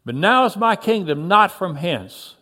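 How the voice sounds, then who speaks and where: A man reading a biblical story aloud, voicing a calm, solemn teacher on trial in a soft, low, measured way. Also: full character voice.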